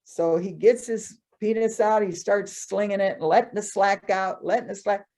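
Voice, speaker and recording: A woman telling traditional trickster stories live, animated, with playful asides. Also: medium pitch, normal speed, hardly any pauses. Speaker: storyteller.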